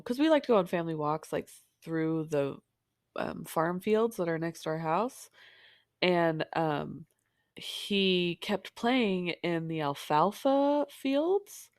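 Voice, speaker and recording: Low-voiced and slow, this Oregon woman in her thirties chats casually as a podcast co-host, sounding nasal and congested from allergies. Telling stories with animation, she acts out what family members said, captured in a dry, studio-quality recording.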